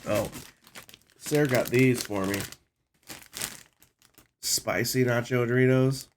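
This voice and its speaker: A man's voice: mid-range voice, slow, a little hiss or hum. A man streaming while sick, congested and nasal, chatting casually and rambling with a self-deprecating streak. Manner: rambling, self-deprecating, clears throat often. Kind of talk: casual live-stream chat.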